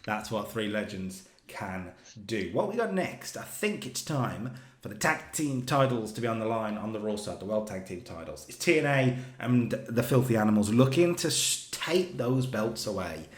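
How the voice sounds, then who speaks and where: A man talking through a wrestling booking game, telling each segment like a story. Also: fairly low pitch. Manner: animated storytelling, voices characters in quick asides. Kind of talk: casual commentary over gameplay. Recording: echoey room.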